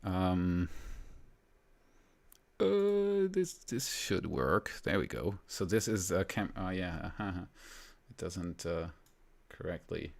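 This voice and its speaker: A man from Germany hosting a live stream, chatting casually and rambling a little, with frequent fillers and soft laughs. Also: sits low, sing-song, extremely slow, creaky, long pauses. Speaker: livestream host.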